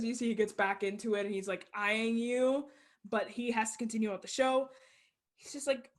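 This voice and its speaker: A woman's voice: on the high side, fairly even intonation, unhurried. Chatty woman running a tabletop game. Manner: casual, filler-heavy narration. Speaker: game master.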